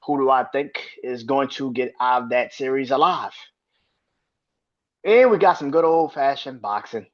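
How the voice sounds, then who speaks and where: A man's voice: medium pitch, moderate pace, lo-fi sound. A man hosting a casual sports podcast, ranting in an exasperated, profane and repetitive way. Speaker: podcast host.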